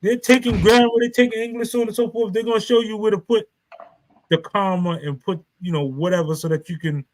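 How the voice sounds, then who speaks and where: A man talks casually on a live stream, his voice sitting a little high. He rambles loosely, circling back and restarting his sentences, and uses plenty of street slang. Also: fairly even intonation, brisk, poor audio. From New York. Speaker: author and live stream host.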